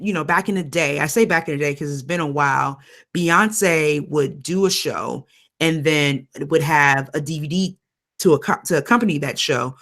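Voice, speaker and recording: Emphatic woman podcast co-host. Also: sits low. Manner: animated, emphatic, repeats herself, slangy. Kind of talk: casual chat.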